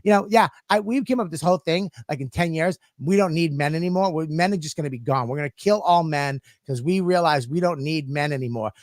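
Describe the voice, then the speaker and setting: A man mimicking a pushy, chatty young female traveling nurse who rambles loudly. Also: on the high side, fast talker, few pauses, dry recording, studio quality, close to an everyday voice. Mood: brash.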